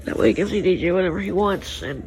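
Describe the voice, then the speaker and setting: A woman chatting casually in a rambling, folksy way, with filler words and soft laughs, speaking outdoors by a swimming pool. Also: on the low side, expressive, fast talker, slight background noise, rough recording. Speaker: family vlogger. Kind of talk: casual chat.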